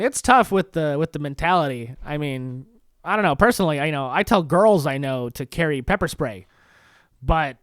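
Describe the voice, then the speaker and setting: A young man doing a sarcastic solo comedy monologue, his pitch swinging widely as he plays mock-pleading and mock-concerned. It is a dry, close podcast recording with no room sound. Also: fairly bright tone, dry recording. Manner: sarcastic, mock-pleading, laughing at own jokes. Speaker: podcast host.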